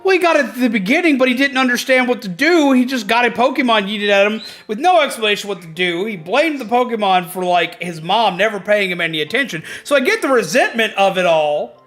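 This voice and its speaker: A male streamer rants animatedly and profanely through casual gaming commentary. His voice sits high and swings widely in pitch, with a bright, sharp edge, and faint music plays behind him. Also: expressive, fairly quick, hardly any pauses. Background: faint background music.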